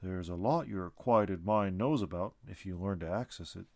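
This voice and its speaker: A man voicing a calm, wise male tree spirit in a storybook reading, speaking slowly and softly. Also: deep voice, no room sound, studio quality, pitched below the performer's own voice. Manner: slow, soft, patient.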